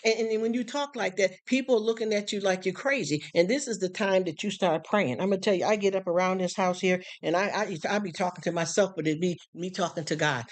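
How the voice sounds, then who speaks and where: Earnest home live-streamer, preachy and mid-pitched, heavy on rhetorical questions. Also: fast, few pauses. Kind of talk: casual preachy monologue.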